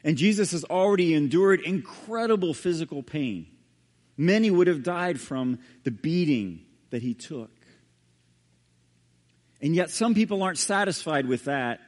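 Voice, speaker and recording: A male pastor preaching a sermon and reading scripture aloud, dramatic, with sudden hushed low drops on key words. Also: lively intonation, a little slow. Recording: long hall reverb.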